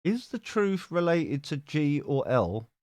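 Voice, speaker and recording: A man's voice: fairly high pitch, big pitch swings, slow pace, a little mellow, no echo. Guy streaming, cheeky and sweary, voice jumps all over, dry close sound. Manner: cheeky, swears, laughs a lot, reads chat aloud. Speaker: tarot reader streamer. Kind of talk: casual live-stream chat.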